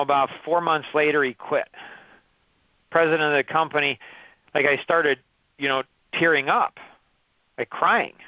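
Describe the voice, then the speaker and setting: A man's voice: a little high, dry recording. Emphatic man in his fifties, lo-fi. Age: 50s. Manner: emphatic and repetitive, restarting phrases. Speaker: course leader. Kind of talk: motivational talk with personal stories.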